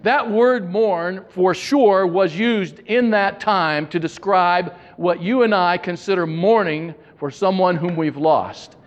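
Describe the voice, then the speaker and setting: A male pastor preaching, telling humorous anecdotes with dry asides before slowing into an earnest reflection. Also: high voice, dull audio. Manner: joking storytelling, then slow and earnest. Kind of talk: sermon. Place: church sanctuary. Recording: long hall reverb.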